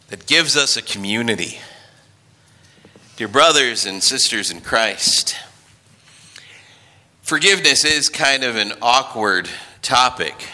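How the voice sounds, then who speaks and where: A man's voice: mid-range voice, pushed and bright. A man preaching a sermon, thoughtful and hesitant, often repeating his words as he searches for them. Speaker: pastor.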